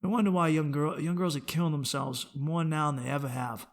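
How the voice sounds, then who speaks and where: A young adult man hosting a solo podcast, with a somewhat high voice full of gravelly fry. He rambles and swears freely, and now and then jumps into loud, animated outbursts. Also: brisk. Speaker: podcast host. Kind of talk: casual solo podcast rant.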